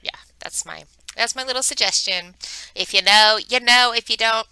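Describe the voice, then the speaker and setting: A middle-aged woman chatting casually at home as a crafting vlogger, rambling and filling pauses with ums. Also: fairly high pitch, heavy background noise. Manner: chatty and rambling, many fillers. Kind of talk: casual chat.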